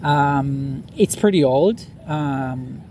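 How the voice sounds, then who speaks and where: A man's voice: medium pitch, extremely slow, warm tone. Man, podcast guest, rambling casual talk, outdoors on a lawn at night, faint background noise. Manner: rambling, many fillers and restarts. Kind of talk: casual interview chat.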